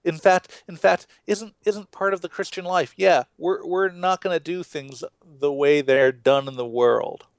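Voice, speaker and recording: A man, a pastor co-hosting a podcast, talking through a Bible passage in an animated way and acting out the people in it. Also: measured pace, few pauses, dry recording. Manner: animated, acts out voices with big swings in pitch.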